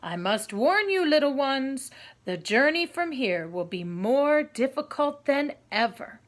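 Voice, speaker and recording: Woman doing a booming wise white tiger. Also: sing-song. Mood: solemn. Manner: slow, loud, solemn commands.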